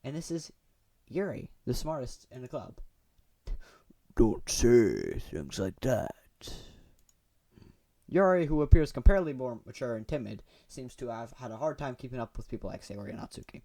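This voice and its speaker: A man's voice: mid-range voice, fast talker, darkish tone. A young man hosting a gaming video, reading the story text aloud with goofy, chatty asides. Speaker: gaming channel host. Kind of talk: reading a visual novel aloud.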